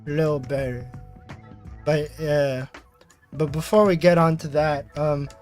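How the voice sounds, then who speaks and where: A man's voice: on the high side, steady tone, a little slow, darkish tone, faint music behind. An American man chatting casually on a livestream in a rambling, chatty way with frequent laughs. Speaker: vtuber streamer.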